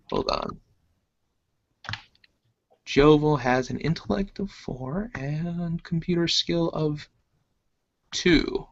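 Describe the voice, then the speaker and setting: A man's voice: mid-range voice, pushed and bright. A man narrating a tabletop game as game master, rambling with many fillers in a dull lo-fi recording.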